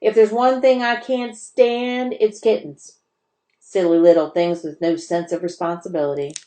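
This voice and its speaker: A jumpy little storybook mouse, put on by a woman reading aloud, with a squeaky voice that climbs high and flips between fear and swagger. The sound is roomy and echoey. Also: moderate pace, natural voice. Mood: cocky. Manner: squeaky and excitable. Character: nervous, cocky young male mouse. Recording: roomy echo.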